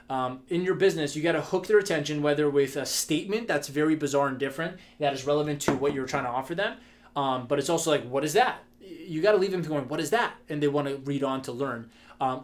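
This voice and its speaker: Energetic man coaching on copywriting. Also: a little high. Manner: energetic, example-heavy, many fillers and restarts. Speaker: business coach. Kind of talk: casual instructional talk to camera.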